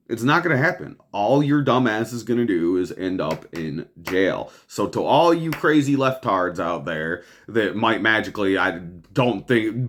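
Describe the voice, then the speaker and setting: A man's voice: medium pitch, a bit bright. A man hosting a podcast, ranting over the news in a profane, exasperated way and laughing often. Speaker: podcast host.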